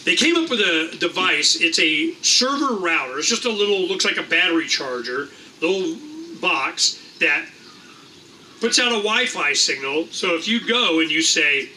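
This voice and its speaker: A middle-aged man holds forth to a meeting in a loose, rambling way, tossing in casual swearing. His voice sits high and very bright. He is heard from a distance, with faint room noise behind him. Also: expressive, moderate pace. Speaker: host of a liberty meeting. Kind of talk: animated casual talk to a room.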